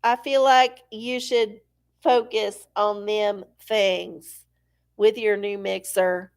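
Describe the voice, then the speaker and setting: A woman's voice: mid-range voice, fairly even intonation, slow pace, smooth. A middle-aged woman hosting a live-stream oracle show, chatting casually and profanely, rambling off on tangents while sneezy from allergies.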